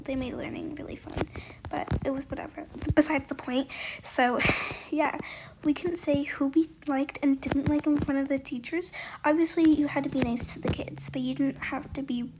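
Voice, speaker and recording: A woman telling a rambling personal story while playing a game, full of fillers and soft, half-whispered asides. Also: high-pitched, fairly even intonation, normal speed, poor audio. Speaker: storytime gamer. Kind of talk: casual storytime while gaming. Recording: loud background noise.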